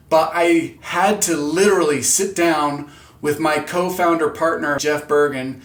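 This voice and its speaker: A man's voice: on the high side, fairly even intonation, measured pace, fairly bright tone. Earnest man in a roomy echo. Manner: earnest, candid, self-motivating. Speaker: channel host. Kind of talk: motivational vlog talk.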